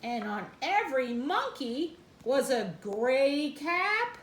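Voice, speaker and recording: A woman reading a children's storybook aloud in an expressive, sing-song way, speaking to boys and girls. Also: sits high, slow. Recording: roomy echo, faint background noise.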